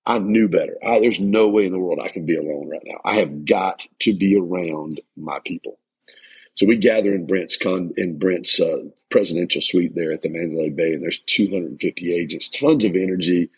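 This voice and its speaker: A middle-aged man with a very low, gravelly voice speaks earnestly on a motivational podcast. His tone is husky and he pushes his points with emphasis, often restarting his sentences. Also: normal speed, low-quality recording. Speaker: life coach and podcast host.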